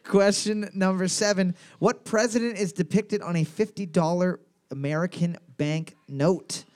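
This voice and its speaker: Playful high-voiced quiz host, man. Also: a little mellow. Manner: playful, drawls questions slowly, laughs often. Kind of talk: casual comedic quiz chat.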